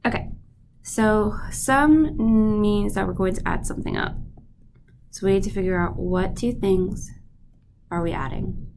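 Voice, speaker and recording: A woman's voice: medium pitch, background noise. A woman teaching a math lesson, stuffy-nosed, patiently checking in with her students as she goes. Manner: patient, checks in with "right?" and "okay?". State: stuffy nose.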